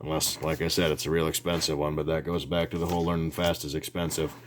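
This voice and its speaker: Low-voiced man in his workshop. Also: little pitch movement, fast talker, slight background noise. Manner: rambling, plain-spoken, frequent restarts. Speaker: hobby video host. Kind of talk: casual how-to talk. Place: home workshop.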